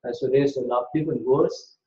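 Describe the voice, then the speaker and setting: A man teaching a Buddhist lesson, hesitant and halting, with many filled pauses. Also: medium pitch, fairly even intonation, mellow. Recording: dull sound in an echoey room.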